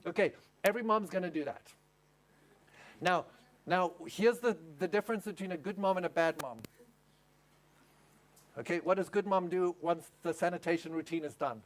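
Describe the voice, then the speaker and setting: A male pastor with a high-pitched voice preaches at a camp meeting. He tells a story step by step and throws questions out to the congregation. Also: normal speed, long pauses. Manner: storytelling, asks the audience questions. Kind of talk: sermon.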